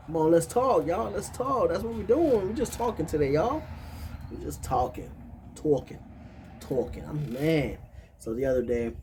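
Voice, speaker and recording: A man's voice: a little high, normal speed, a little mellow. Brief: New York man, easygoing rambling vlogger, medium voice, outdoors with faint traffic. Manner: rambling and chatty, with many fillers and laughs. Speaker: vlog host. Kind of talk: casual chat. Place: outdoors near a highway. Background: passing traffic.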